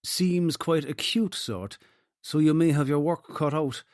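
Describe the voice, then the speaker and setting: A man's voice: fairly high pitch, a little slow, a little mellow, no echo, clean studio sound, voice pushed up, close to an everyday voice. A man voicing a genial middle-aged police inspector with a Cork accent, chatty and hearty.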